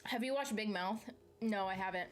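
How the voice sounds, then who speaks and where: A woman's voice: mid-range voice, normal speed. A woman from the South, chatting casually on a live stream, reading out viewer comments and answering them in a rambling way, swearing freely and laughing mid-sentence. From Southern United States.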